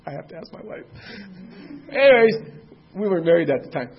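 An older man in his sixties talks candidly and plainly about his own life, with a slightly high voice for a man. The recording is dull and lo-fi, with a faint hiss behind him. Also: sing-song, brisk. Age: 60s. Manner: candid, plainspoken, folksy, with mild swearing. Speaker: speaker sharing at a recovery meeting. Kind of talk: personal testimony.

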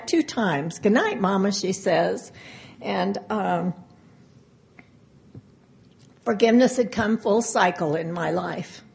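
Older woman giving a halting personal testimony. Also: mid-range voice, a little mellow. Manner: halting and emotional, with pauses and restarts. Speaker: speaker sharing a recovery story.

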